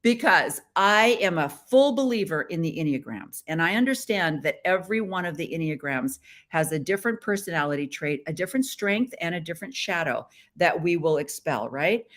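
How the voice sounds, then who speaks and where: Playful middle-aged woman host from the Midwest, chatty on a webcam live stream, voice sits a bit low. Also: expressive, moderate pace, a bit bright. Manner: chatty and playful, with frequent laughs. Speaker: podcast host. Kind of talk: casual live-stream chat.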